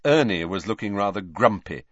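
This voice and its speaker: Male audiobook narrator, low and lively, dry close dull lo-fi sound. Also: normal speed, dry recording. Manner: expressive, character-voiced reading.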